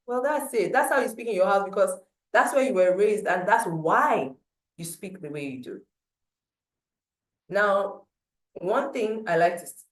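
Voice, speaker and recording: Woman coaching public speaking, lowish voice, emphatic and playful, echoey room. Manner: expressive, emphatic, with playful asides. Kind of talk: workshop talk.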